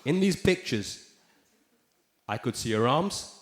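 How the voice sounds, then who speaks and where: A man's voice: medium pitch, lively intonation, slow. A man performing live stand-up in a theater, sardonic and conversational with rhetorical asides. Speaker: stand-up comedian. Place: theater stage. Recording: roomy live theater with ambient noise.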